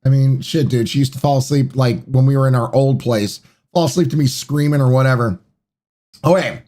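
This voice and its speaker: A man's voice: mid-range voice, brisk, dark tone. A man hosting a live stream, chatting casually and greeting viewers by name. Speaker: streamer and podcast host.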